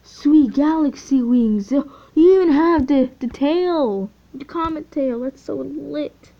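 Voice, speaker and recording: Slow-talking teenage girl gamer. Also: sits high. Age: teens. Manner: chatty, easily excited, trailing off mid-sentence. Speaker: gaming channel host. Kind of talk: casual gameplay commentary. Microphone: phone mic. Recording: dull lo-fi phone audio.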